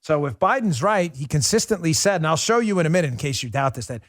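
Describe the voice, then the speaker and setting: A man's voice: fairly high pitch, expressive, quick pace, few pauses, dry recording, clean studio sound. A man hosting a political commentary show, delivering a sarcastic, mocking opinion monologue.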